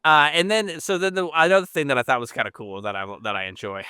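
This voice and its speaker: A man co-hosting a podcast in casual chat, laughing often and jumping up high when he makes a point. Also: sing-song, fast talker, bright, forceful tone, clean tone. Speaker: podcast co-host. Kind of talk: casual chat, movie review.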